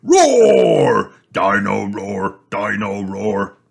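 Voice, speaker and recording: A man voicing a loud, jolly toy dinosaur in a children's storybook read aloud, chanting slowly in a sing-song voice. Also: fairly low pitch, huge pitch swings, gravelly, husky, exaggerated voice.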